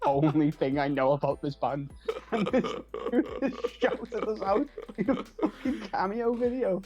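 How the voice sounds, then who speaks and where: Laughing, swearing Scouse storyteller, a man. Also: mid-range voice. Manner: animated storyteller, swears freely, laughs often. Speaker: streamer. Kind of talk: casual chat. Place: home.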